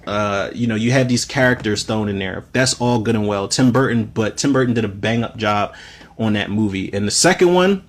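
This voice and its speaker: A man in his thirties hosting a podcast, casually reviewing films in a profane, animated rant full of fillers. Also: on the low side, normal speed, slight background noise. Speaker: podcast host, film reviewer. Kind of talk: casual spoken film review.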